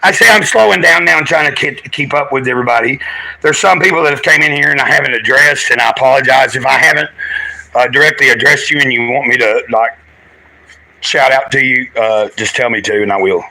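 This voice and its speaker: A man's voice: medium pitch, brisk, gravelly, pushed and bright, low-quality recording. A man chatting casually on a livestream, rambling through his day and talking straight to his viewers.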